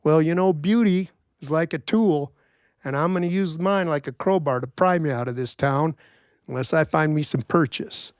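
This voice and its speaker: Give me an ambitious young country woman, voiced by a man, practical and blunt, fairly high pitch. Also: normal speed, smooth, no room sound, studio quality, lightly acted. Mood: dry.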